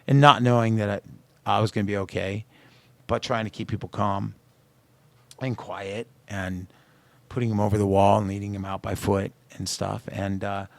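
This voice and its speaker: With vocal fry in his fairly low voice and a moderate pace, a male singer-songwriter guest recounts personal stories in a radio studio interview. He tells them animatedly, voicing the quoted lines of the people involved, on a dry recording.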